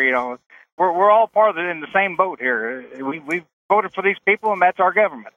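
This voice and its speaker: A man's voice: sits high, lively intonation, a little fast. A man calling in to a radio talk show, blunt and opinionated, heard over a phone line. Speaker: caller.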